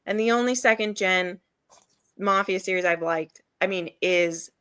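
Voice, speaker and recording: A woman's voice: medium pitch, a little slow, fairly bright tone, clean tone, no echo. A woman hosting a live reading stream, chatting casually and laughing often as she gushes about books. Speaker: readathon host.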